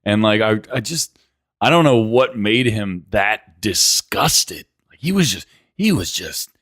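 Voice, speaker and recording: A male co-host talks through his reaction in halting bits, stopping and restarting and reaching for words. His voice is on the low side, recorded dry and close. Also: very animated, fairly bright tone, no echo. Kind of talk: casual discussion.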